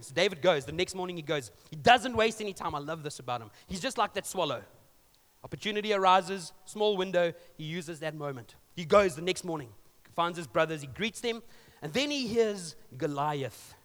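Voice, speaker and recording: A man's voice: a little high, animated, normal speed, fairly bright tone. A male pastor preaching a sermon, telling a story conversationally with joking asides. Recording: long reverb of a large hall.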